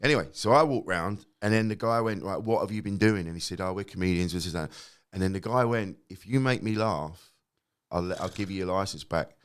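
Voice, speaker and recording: A middle-aged man, a guest comedian telling lively anecdotes and acting out quotes, swearing freely. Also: low-pitched, fairly quick, clean tone.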